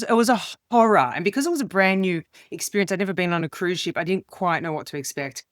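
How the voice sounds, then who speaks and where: An expressive woman, a comedian, telling a story as an interview guest. Her voice sits at a middling pitch and leaps high when she mimics the people she quotes. The sound is close and dry. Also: dry recording.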